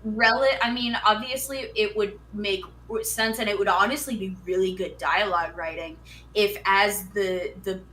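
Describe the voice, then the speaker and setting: A woman chatting casually in a book club, talking quickly and laughing easily. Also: medium pitch, steady tone, sharp tone. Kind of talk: casual chat.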